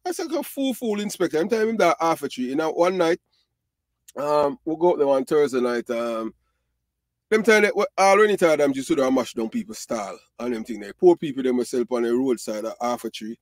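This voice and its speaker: A man's voice: mid-range voice, brisk, dry recording. A middle-aged Jamaican man hosting his channel, talking casually and animatedly to viewers, repeating himself and mixing in Patois with many fillers. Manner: animated, repetitive, Patois-mixed talk with frequent fillers. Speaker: channel host.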